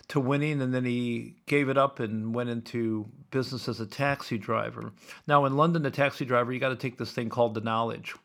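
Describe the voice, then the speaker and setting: A man's voice: mid-range voice, gravelly, a bit bright. A man, hosting a podcast as a rambling solo monologue full of wry asides and digressions. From Iowa, USA. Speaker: podcast host.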